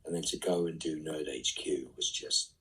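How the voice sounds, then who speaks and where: A man reading fan questions aloud and answering them casually in a live online Q&A, often trailing off into soft asides. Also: extremely low pitch, fairly even intonation, moderate pace, husky, distant mic, rough recording.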